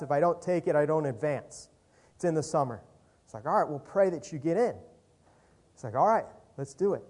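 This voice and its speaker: A man, a youth leader, telling a lively testimony story full of quoted dialogue. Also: a little high. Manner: animated, lots of quoted dialogue.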